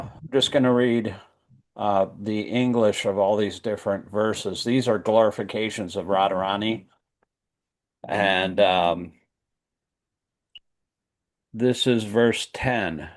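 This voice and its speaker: A man with a fairly low voice leads a class over a video call. He reads scripture aloud in a steady, list-like way and adds brief comments of his own. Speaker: class leader.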